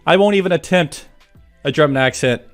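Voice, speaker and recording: A man's voice: a little high, a little fast, faint music behind. A man hosting a live stream from his home office, chatting casually and jokingly, greeting viewers by name. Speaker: livestream host greeting chat.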